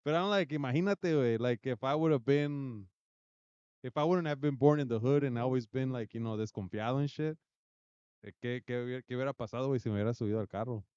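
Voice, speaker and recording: Casting: young man, casual and profane, smooth clear voice, dull dry lo-fi sound. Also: mid-range voice, quick pace, darkish tone, no echo. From South Central Los Angeles. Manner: casual, profane, switches between English and Spanish. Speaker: podcast host. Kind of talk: casual chat.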